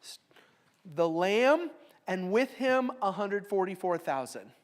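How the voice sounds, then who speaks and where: A middle-aged woman leads a Bible study at an ordinary pitch for her sex. She leans hard into each verse she reads, then drops into easy, joking explanation for her class. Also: lively intonation, slow.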